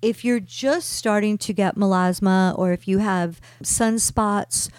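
A woman hosting a casual chat, talking with eager, rambling enthusiasm at a mid pitch. Her voice is close and dry, recorded in a small studio. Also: fairly even intonation, unhurried, a little mellow, smooth, no echo. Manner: enthusiastic, rambling, many fillers and restarts. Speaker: host.

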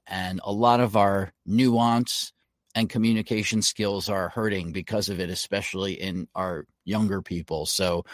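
A man's voice: fairly low pitch, no echo, clean studio sound. A man, a voiceover coach, giving instructive advice as a guest in a podcast interview.

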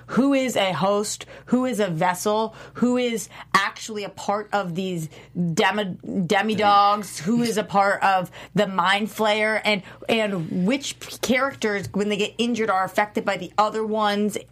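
A woman's voice: mid-range voice, steady tone, a little slow, few pauses. A woman hosting a casual discussion podcast, leading the talk and asking her co-hosts questions. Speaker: podcast host.

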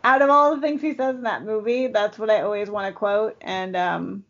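A woman's voice: mid-range voice, fairly even intonation, moderate pace, muffled recording. A woman co-hosting a podcast, chatting casually and rambling with lots of fillers. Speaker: podcast co-host. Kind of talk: casual chat.

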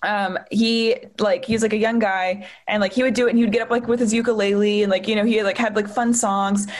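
Young woman rambling on a podcast, says like constantly, swears a lot, animated. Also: medium pitch, brisk. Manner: animated storytelling, lots of "like" and profanity. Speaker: podcast co-host, comedian. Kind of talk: casual podcast chat.

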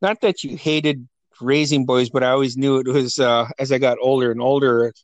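A man's voice: medium pitch, steady tone, normal speed, no room sound, dull audio. A middle-aged man hosting a podcast, telling stories about his childhood, laughing often, swearing and acting out the voices of the people in them. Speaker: podcast host. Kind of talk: casual family storytelling.

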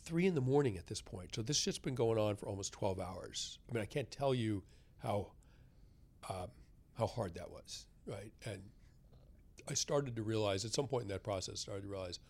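A writer in an interview, telling a personal story with animated delivery and acted-out quotes. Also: male voice, lowish voice, moderate pace. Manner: animated, acts out quoted voices. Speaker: guest, writer.

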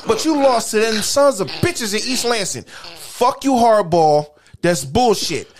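A man's voice: high-pitched, animated, a little slow. A man goes on a profane, heated sports rant. He co-hosts a podcast in loose, crude chat, swearing hard as he builds his case. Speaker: podcast co-host.

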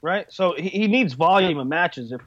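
A man's voice: high-pitched, expressive, normal speed, a bit bright, no echo. A man co-hosting a casual talk show, with a dry, sarcastic way of talking. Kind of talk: casual chat. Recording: dull, dry lo-fi sound.

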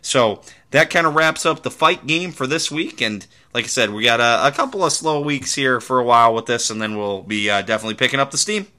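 A young Midwestern American man hosts a solo podcast in a casual style, his medium-pitched voice sharp and a little fast with hardly any pauses. His stories ramble, packed with fillers and restarts.

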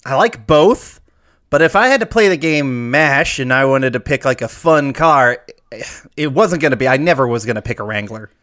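A man hosting a trivia game, reading questions aloud and drawing out the verdicts. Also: medium pitch. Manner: lively, drawn-out emphasis on answers. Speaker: quiz host.

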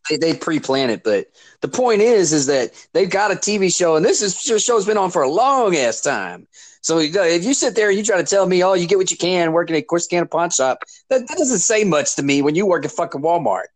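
A man's voice: high-pitched, big pitch swings, a little fast. A man arguing in a casual chat among friends, swearing and cutting in with objections. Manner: argumentative, profane, interrupts with "wait, wait".

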